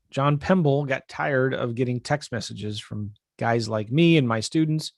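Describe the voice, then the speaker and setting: A man's voice: medium pitch, measured pace, gravelly, no room sound, studio quality. A man teaching real estate investing on a live webinar, talking casually and energetically while he shares his screen. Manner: casual, energetic, talks straight to viewers.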